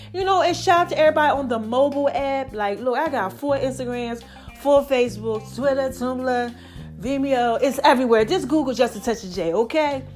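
A woman hosting her own podcast in casual, chatty talk, out of breath and sighing between phrases, calling her listeners baby. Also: sits high. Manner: lively, chatty, calls listeners baby and y'all. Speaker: podcast host.

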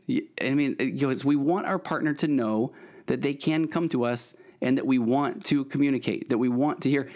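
A man's voice: mid-range voice, fairly quick, a little mellow. A middle-aged man, a therapist hosting his podcast, giving earnest advice in a rambling way with many restarts. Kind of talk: solo podcast monologue, advice.

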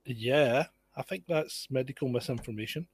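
A man's voice: mid-range voice, moderate pace, breathy edge. A Scottish man chatting casually over a video call, laid-back and wry, swearing now and then. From Scotland. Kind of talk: casual online chat.

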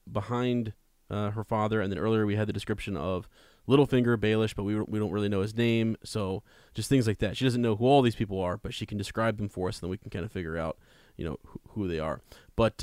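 Guy with a lowish voice chatting about a book, reads bits out, dry close sound. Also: a little mellow, clean tone, dry recording. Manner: chatty and reflective, quoting passages. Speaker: co-host of a book discussion. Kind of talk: casual book discussion.

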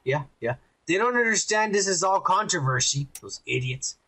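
A man co-hosting a podcast in casual chat, rambling and excitable, swearing often. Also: high-pitched, normal speed. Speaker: podcast co-host.

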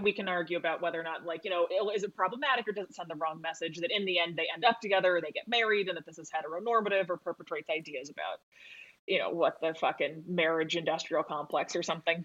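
A woman co-hosting a podcast in casual film talk, chatty and quick to laugh, swearing freely. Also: on the low side, fairly bright tone, lo-fi sound. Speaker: podcast co-host.

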